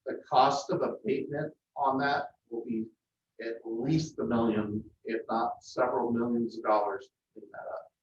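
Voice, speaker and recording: A man's voice: mid-range voice, fairly even intonation, moderate pace, slight background noise. Plainspoken man at a meeting, echoey. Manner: plainspoken, hesitant with frequent ums. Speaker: airport manager. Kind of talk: meeting discussion. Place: council meeting room. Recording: echoey, distant, muffled meeting audio.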